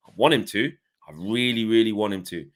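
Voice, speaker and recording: A man's voice: on the low side, expressive, a little fast. A man co-hosting a casual football podcast, emphatic and slangy, often repeating himself. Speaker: co-host.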